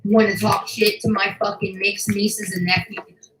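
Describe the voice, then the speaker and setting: A woman's voice: mid-range voice, flat delivery, a little slow, a bit bright, roomy sound, soft background music, rough recording. A woman ranting furiously to her channel, swearing and making threats, near tears with anger. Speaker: YouTuber. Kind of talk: angry rant to camera.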